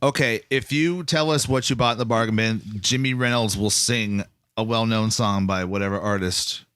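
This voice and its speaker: A man's voice: lowish voice, fairly even intonation, normal speed, a bit bright, smooth, no echo. A man in a casual podcast chat, teasing and probing with questions.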